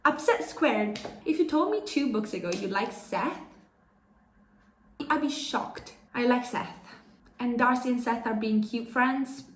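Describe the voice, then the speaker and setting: A young woman from Italy chatting in a casual reading vlog, with animated, swearing, ranting reactions to the story. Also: on the high side, a little slow, slight background noise. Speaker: book vlogger.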